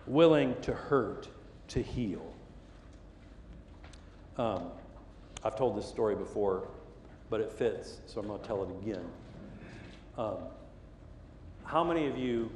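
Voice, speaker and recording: A man's voice: medium pitch, a little mellow, roomy sound, in a large hall, slight background noise. A middle-aged man preaching a sermon, telling a story with lots of energy and acting out the voices and sounds. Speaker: pastor. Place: church sanctuary.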